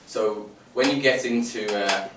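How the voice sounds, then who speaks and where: A man's voice: fairly low pitch, unhurried. A man presenting phonics teaching to other teachers, sounding out letters and explaining step by step. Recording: roomy, distant mic, faint room noise.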